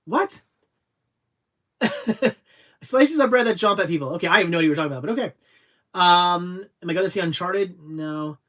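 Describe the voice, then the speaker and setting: A young adult man hosting a casual livestream, reading viewer questions aloud and answering in a halting, rambling way. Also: sits high, pushed and bright. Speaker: livestream host answering chat.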